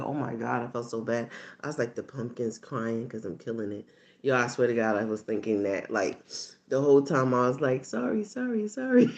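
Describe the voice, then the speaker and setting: Woman, casual livestream chat, animated storyteller, squeaky put-on quote voices, soft whispered asides. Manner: animated storytelling with bursts of laughter. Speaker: tarot channel host chatting on a livestream.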